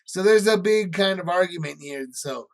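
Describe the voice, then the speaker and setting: A man's voice: high-pitched, moderate pace. A man leading a casual Bible study, explaining scripture in everyday words with lots of fillers.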